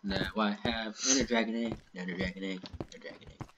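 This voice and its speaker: A man's voice: fairly low pitch, steady tone, quick pace, background noise. A sleepy man hosting a gaming video, chatting and rambling loosely, trailing off with fillers and giddy asides. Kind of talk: casual let's-play chat and reading aloud. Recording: slightly muffled, game music behind. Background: game music.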